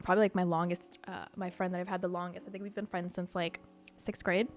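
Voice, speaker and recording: A woman's voice: lowish voice, flat delivery, fast talker, faint music behind. Frank, rambling woman podcast host. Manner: rambling, frank, laughs often. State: high. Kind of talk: casual confessional chat.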